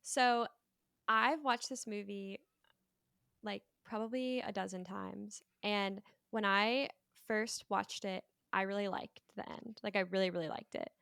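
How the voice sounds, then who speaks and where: A woman talks through a film in relaxed podcast chat, her voice smooth and resonant. The sound is dry and close, with no room around her. She strings her thoughts together loosely, peppered with "like.". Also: mid-range voice, unhurried, dry recording. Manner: chatty, heavy use of "like". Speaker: podcast panelist. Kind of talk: casual movie discussion.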